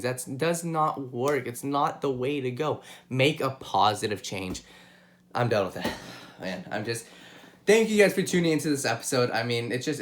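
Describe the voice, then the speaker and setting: Impassioned young male sports host. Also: medium pitch. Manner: impassioned, repeats himself, addresses viewers directly. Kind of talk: solo sports commentary and opinion.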